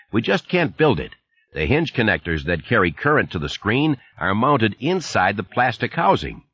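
A man voicing a groggy, gravelly middle-aged male factory manager who keeps coughing, in an audiobook reading. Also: on the low side, sharp tone, muffled recording, heavily acted.

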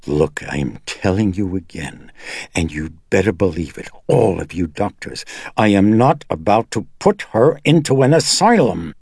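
Man voicing a furious mother on the edge, shrill cracking yells, gravelly husky tone underneath. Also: expressive, measured pace, no room sound, clean studio sound, heavily acted. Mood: defiant. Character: distraught middle-aged mother, furious and frantic.

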